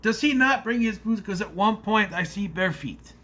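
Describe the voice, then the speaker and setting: A man's voice: sits high, expressive, normal speed, sharp tone. A man giving a casual, rambling spoiler review of a movie, nitpicking in an exasperated way with plenty of fillers.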